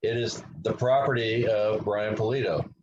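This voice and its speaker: A man's voice: fairly low pitch, fairly even intonation, moderate pace, noisy background. Man on a muffled video call. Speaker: podcast co-host. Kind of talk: casual chat.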